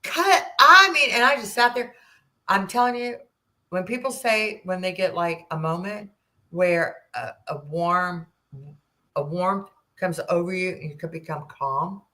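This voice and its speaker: A woman in her sixties, a podcast guest, telling a personal story in an animated way and acting out the dialogue. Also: fairly low pitch, unhurried. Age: 60s. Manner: animated, acts out quoted dialogue, rambling restarts.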